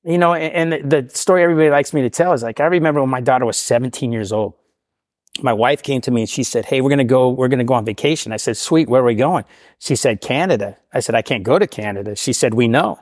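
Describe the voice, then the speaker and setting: A middle-aged man from the Portland area telling his recovery story in a casual, animated way, acting out the voices of the people in it. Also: mid-range voice, fast, no room sound, clean studio sound. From Portland, Oregon area. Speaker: guest sharing recovery story.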